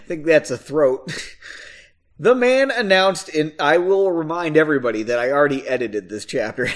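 Chatty man reading his own book. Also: on the high side. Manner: chatty, self-mocking, swears casually. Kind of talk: casual book reading with asides.

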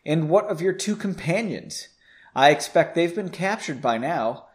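A man's voice: fairly high pitch, lively intonation, a little slow. A man reading as a spiteful gloating mage. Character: spiteful scheming male mage, gloating villain.

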